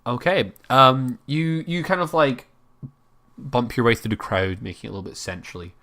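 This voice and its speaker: A man's voice: mid-range voice, normal speed, sharp tone. A man narrating as game master of a tabletop game, rambling with frequent fillers.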